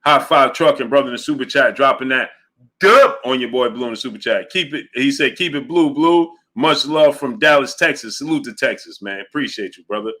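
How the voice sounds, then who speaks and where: Male livestream host, bright voice at mid pitch, emphatic and argumentative, reads out chat messages. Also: a little fast. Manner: emphatic, argumentative, repeats his points. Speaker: boxing show host. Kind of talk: livestream commentary reading viewer chat.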